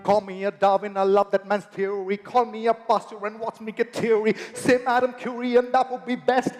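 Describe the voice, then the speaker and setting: A man playing a high-voiced, fussy young professor. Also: flat delivery, moderate pace, close to an everyday voice. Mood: boastful. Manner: theatrical, exaggerated stage delivery. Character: fussy young male professor, theatrical and excitable. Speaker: stage actor. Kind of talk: stage musical singing and acting. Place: theatre stage. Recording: reverberant hall with music.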